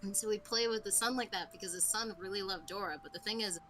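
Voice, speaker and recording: Giggly woman player, bright and lively voice, faint hum of background noise. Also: medium pitch, fast talker, poor audio. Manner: giggly, playful, laughs often. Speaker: tabletop game player. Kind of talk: casual banter at a game table.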